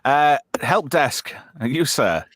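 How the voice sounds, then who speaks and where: A man's voice: medium pitch, very animated, takes it slowly, a bit bright, no room sound. A man hosting a casual live stream, full of brash, sweary banter. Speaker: host.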